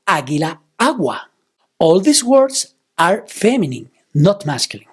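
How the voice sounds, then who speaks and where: A woman teaching Spanish, patiently explaining grammar rules and slowing down to model example words. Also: on the low side, a little mellow, husky. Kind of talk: explanatory language lesson.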